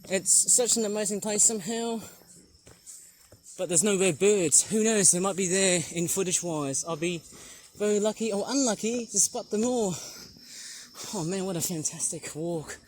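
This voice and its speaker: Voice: medium pitch, moderate pace, a little hiss or hum. A vlogger exclaiming with wonder while walking a jungle trail near a waterfall, filming wildlife. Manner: excitable, marvelling, exclaims often. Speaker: nature vlogger. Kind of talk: walking nature vlog commentary.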